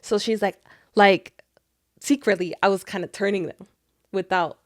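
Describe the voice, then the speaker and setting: A woman's voice: medium pitch, normal speed, no echo, clean studio sound. Chatty rambling woman podcast co-host. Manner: rambling, animated retelling with many fillers and swearing. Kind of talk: casual chat.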